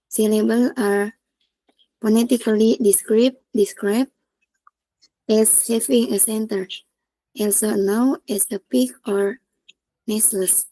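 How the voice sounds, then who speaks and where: A young woman reading a class presentation on syllables, slowly and haltingly, with restarts. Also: mid-range voice, warm tone, no room sound, poor audio. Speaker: student presenter.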